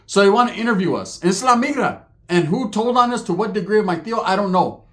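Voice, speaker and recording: High-voiced man telling a story. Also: lively intonation. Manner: rapid slangy delivery, jumps into high squeaky character voices. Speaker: comedic storyteller. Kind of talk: profane comedic storytelling with put-on character voices.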